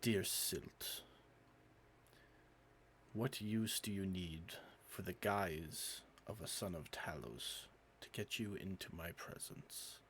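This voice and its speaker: A man's voice: low voice, a bit bright, a little hiss or hum. A man doing a haughty, menacing city lord. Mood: cold. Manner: formal, measured threats. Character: haughty male ruler of a city, cold and menacing.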